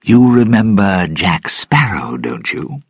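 Cold scheming lord, calm and clipped, read by a husky-voiced man. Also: low-pitched, slow, no echo, clean studio sound, voice pushed up, full character voice. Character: cold scheming male lord arresting people.

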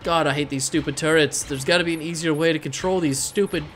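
A man doing let's play commentary, excitable and swearing often as he talks back to the game. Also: fairly high pitch, quick pace, noisy background. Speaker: gameplay commentator. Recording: game music underneath.

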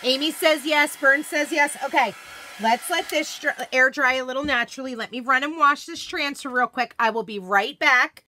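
Bright chatty woman on a craft livestream. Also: high voice, moderate pace, a little hiss or hum. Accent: American. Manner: chatty, reads out viewer comments. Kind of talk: live craft demo chatting with viewers.

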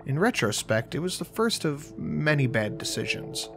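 A man's voice: a little high, big pitch swings, moderate pace, gravelly, a bit bright. Wry male horror narrator. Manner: wry, first-person storytelling. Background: faint music.

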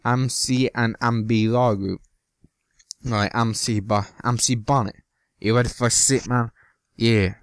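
A man's voice: medium pitch, fairly even intonation, moderate pace, clear, resonant tone, no echo, clean studio sound. A man giving loose, joking commentary over his own gameplay, swearing now and then and slipping into silly bits. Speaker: gaming channel host.

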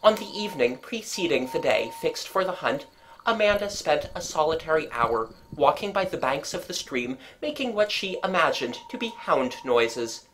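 A woman narrating a short story in an expressive, measured reading. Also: sits low, a little hiss or hum, poor audio.

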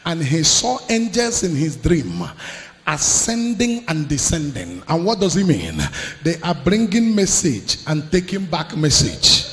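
A man preaching a sermon, emphatic, swinging between hushed lines and shouts. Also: on the high side, big pitch swings, measured pace, slight background noise. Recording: echoey hall with music behind.

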